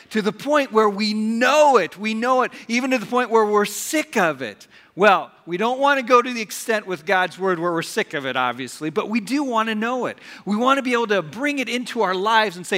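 High, bright-voiced pastor in a reverberant hall. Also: male voice. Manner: interactive, asks congregation questions and leads call-and-response. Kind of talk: sermon. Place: church sanctuary. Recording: live hall with long reverb.

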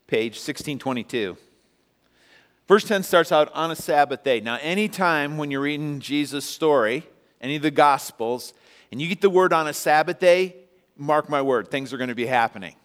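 A male pastor preaching a sermon in a church, telling the story with animated, emphatic peaks and asking the congregation to respond. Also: fairly high pitch, unhurried, pauses often. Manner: asks the congregation to answer and respond. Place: church sanctuary. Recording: long church-hall reverb.

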